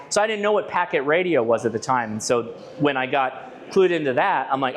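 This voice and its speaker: A man's voice: mid-range voice, lively intonation, fairly quick, hardly any pauses, a bit bright. A man from Southern California giving a conversational presentation at a club, telling stories with frequent restarts and asides to the audience. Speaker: ham radio channel presenter giving a club talk. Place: club meeting room with a live audience.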